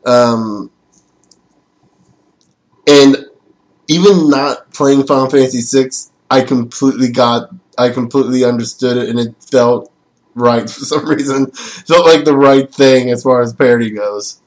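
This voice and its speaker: A man's voice: mid-range voice, steady tone, measured pace, pauses often, darkish tone, poor audio. A man giving casual gaming commentary in a chatty, rambling way, often laughing at himself. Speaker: let's play gamer.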